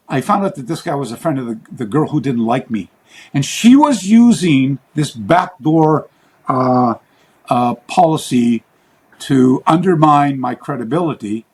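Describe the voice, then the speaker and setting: Male interviewee, karate teacher, husky voice, lively pitch, rambling anecdotal delivery. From Western. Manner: rambling, restarts, acts out quoted voices. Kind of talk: interview storytelling.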